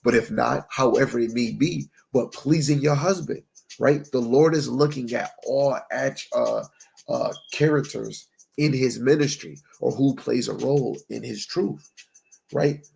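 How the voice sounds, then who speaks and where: Here a man with a medium-pitched, slightly mellow voice and vocal fry preaches a little slowly. His conversational Bible teaching is emphatic, laced with street slang and constant "right?" check-ins, and he reads scripture in old-fashioned language.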